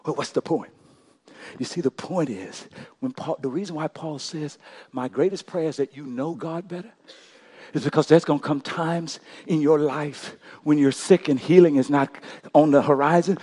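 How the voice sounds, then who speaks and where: A middle-aged man preaching in a high, ringing voice. He moves between hushed storytelling and loud exhortation, and he calls on the congregation to answer back. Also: steady tone, normal speed, long reverb tail. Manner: preaches with rising shouts and call-and-response. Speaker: pastor. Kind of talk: sermon.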